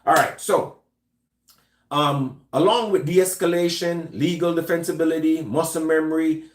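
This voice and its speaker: A man's voice: on the high side, steady tone, moderate pace, reverberant. A man hosting a casual talk show, speaking loosely and conversationally with slang and frequent restarts. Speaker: host.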